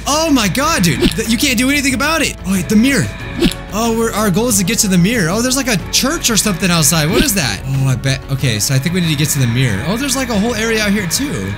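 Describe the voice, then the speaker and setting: A man giving jokey, excitable commentary while playing a game. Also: high-pitched, fast, over music. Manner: excitable, jokey, frequent laughs. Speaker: gaming youtuber. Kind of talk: gameplay commentary.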